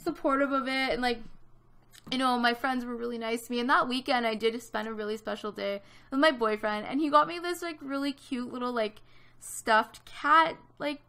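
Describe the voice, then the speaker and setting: A woman's voice: fairly high pitch, normal speed, bright, forceful tone, smooth. A woman in her twenties from Canada, telling a story in casual chat over a gaming video, with lots of fillers. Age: 20s. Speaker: gaming vlogger.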